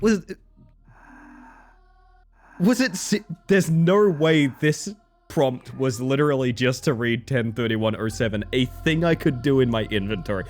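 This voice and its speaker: Live-streaming a horror game, an Australian man with a mid-range voice keeps up casual commentary for his viewers. His rambling banter is playful and self-deprecating, shifting from goofy to deadpan.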